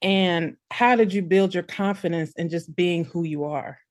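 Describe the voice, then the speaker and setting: Chatty lady host asking questions, lowish voice, dry sound. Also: measured pace, no echo. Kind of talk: casual interview conversation.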